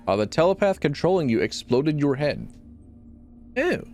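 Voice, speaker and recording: A man streaming a game, rambling casually and jumping into excited high yelps. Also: normal speed, long pauses, soft background music. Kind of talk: let's play commentary.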